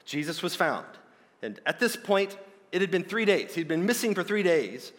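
A man preaching a sermon, earnest and emphatic, slowing down to stress key points. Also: sits high, very animated, a bit bright. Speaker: pastor. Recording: long hall reverb.

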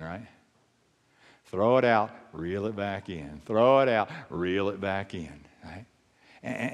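A man preaching a sermon as pastor, emphatic and animated, repeating key phrases. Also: on the low side, long reverb tail.

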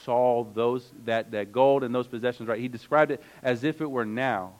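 A man's voice: medium pitch, fairly even intonation, normal speed, a little mellow, poor audio. Conversational man preaching a sermon. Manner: earnest, conversational preaching with asides. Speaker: pastor.

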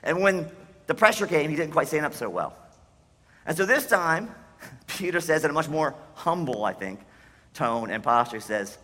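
A man's voice: fairly high pitch, very animated, a little fast, sharp tone, in a large hall. A man preaching a sermon as pastor, in an earnest, conversational way, acting out the quoted dialogue.

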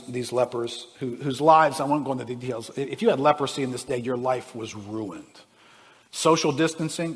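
A man preaching a sermon as pastor, swinging between loud bursts and hushed asides. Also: mid-range voice, big-room sound.

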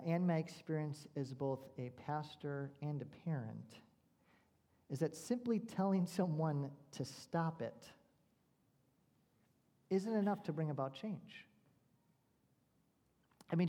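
A man preaching as a pastor, telling a story and asking slow, searching rhetorical questions. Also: a little high, dark tone. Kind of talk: sermon. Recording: long reverb of a large hall.

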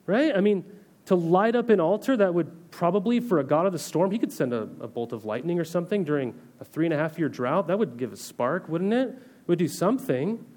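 A man preaches in a relaxed, conversational way, reading a passage of scripture and then unpacking it with casual comparisons. His speaking voice sits a little high for a man. He keeps checking in with his listeners through rhetorical questions. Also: fairly quick. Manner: reads scripture aloud, then explains it in everyday terms. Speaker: pastor. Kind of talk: sermon teaching.

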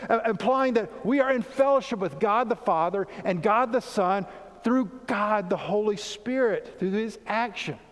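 A pastor preaching a sermon in earnest, emphatic tones, repeating key points for weight. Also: male voice, high-pitched, in a large hall.

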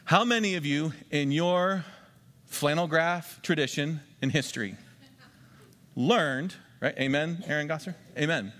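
A male pastor delivers a sermon in a fairly high voice, emphatic and deliberate, slowing down to repeat key phrases for his listeners. His words ring out with a long reverb from a large church hall. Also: fairly bright tone.

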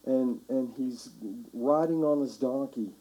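A man preaching a sermon as pastor, talking conversationally and building to shouts for emphasis. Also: mid-range voice, takes it slowly, rough recording. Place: church sanctuary.

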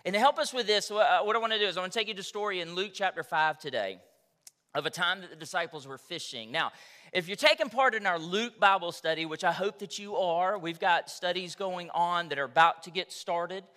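Male pastor, conversational sermon delivery, high voice, y'all-ing the crowd. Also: fairly quick, sharp tone.

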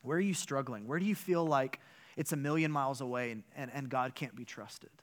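A man, a pastor, delivering a sermon with animated, emphatic storytelling and rhetorical questions. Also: mid-range voice, brisk.

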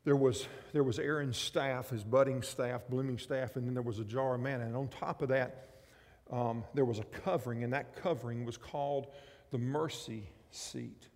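A pastor preaching a sermon with an emphatic, repetitive cadence. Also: male voice, medium pitch, fairly even intonation, normal speed, darkish tone, in a large hall.

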